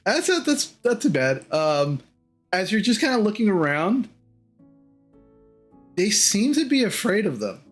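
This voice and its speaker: A man narrating a tabletop game as game master. He talks in a slightly high voice, hesitant and filled with ums and restarts. Faint music plays underneath. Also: big pitch swings, measured pace, pauses often.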